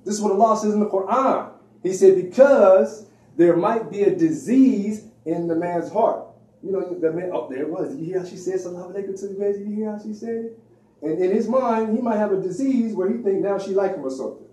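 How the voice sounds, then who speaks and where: Preachy, slangy man lecturing, mellow tone, a bit high, recorded off-mic. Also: brisk. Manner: preachy, slangy, acts out quoted voices. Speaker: religious speaker. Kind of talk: informal religious lecture. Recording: echoey room, distant mic.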